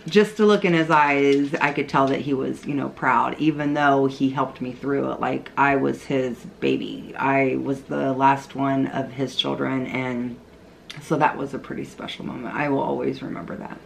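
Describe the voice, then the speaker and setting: A woman with a gravelly, creaky edge to her voice tells a fond story in a relaxed, rambling way. She leans on "like" and "you know" throughout. A faint noise sits behind her. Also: a bass voice, moderate pace. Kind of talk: casual storytelling chat.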